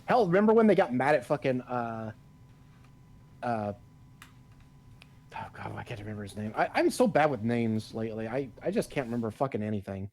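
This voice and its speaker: A man's voice: medium pitch, sing-song, a little fast, pauses often, darkish tone. A man co-hosting a podcast in casual chat, ranting with a lot of swearing and frequent laughs. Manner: profane, ranting, laughs often. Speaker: podcast co-host.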